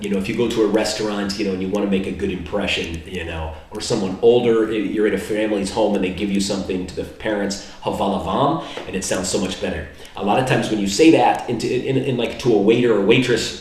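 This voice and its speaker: A man from the United States giving a casual, rambling vlog lesson on basic phrases, slowing down to spell out foreign words. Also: lowish voice. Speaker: language learner teaching basic phrases. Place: indoor room in Serbia. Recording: very echoey room, mic far off.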